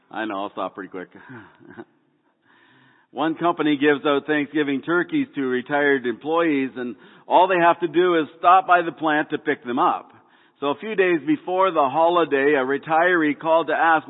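A man's voice: fairly high pitch, normal speed. A man preaching a sermon, opening with folksy jokes and stumbling through restarts and fillers. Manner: folksy joke-telling with frequent ums and restarts. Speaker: pastor. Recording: echoey hall over a tinny phone-like line.

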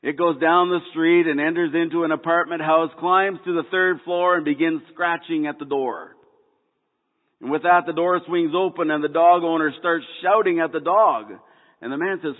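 A man's voice: on the high side, normal speed. A man preaching a sermon, opening with folksy jokes and stumbling through restarts and fillers. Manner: folksy joke-telling with frequent ums and restarts. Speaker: pastor. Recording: echoey hall over a tinny phone-like line.

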